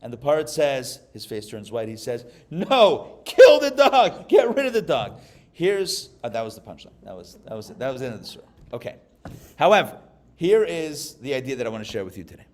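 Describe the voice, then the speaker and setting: A man from Pittsburgh, a rabbi giving a live class, who tells stories and jokes in an animated way. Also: medium pitch, fast. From Pittsburgh, USA. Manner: animated, joking storyteller. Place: live class before an audience.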